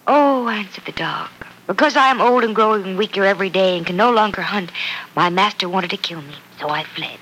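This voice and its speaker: A young adult woman, lightly acting in the manner of a 1940s radio play, voices a kind bride-to-be patiently reading a little girl a fairy tale. She has a medium-pitched, slightly bright voice and talks a little fast. Slight background noise marks the low-quality recording.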